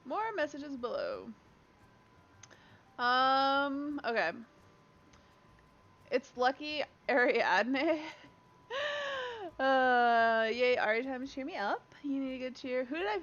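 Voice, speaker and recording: Casual streamer: young woman from Canada, slightly high voice, muffled lo-fi stream audio. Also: slow pace, pauses often, a bit bright. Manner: chatty, laughs often, talks to chat and a friend. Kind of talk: casual gaming stream chat.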